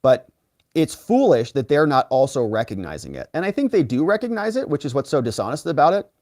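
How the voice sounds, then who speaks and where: A man hosting a live legal commentary stream, reading out viewer comments and giving sarcastic, animated asides. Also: on the high side, brisk, no echo, studio quality. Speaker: lawyer and livestream host.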